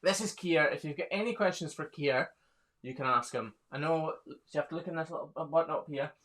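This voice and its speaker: A man's voice: on the high side, brisk, fairly bright tone. Chatty man in his thirties. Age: 30s. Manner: chatty, laughs often, reads comments aloud. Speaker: hoof trimmer hosting a live Q&A. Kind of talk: casual live-stream chat reading viewer questions.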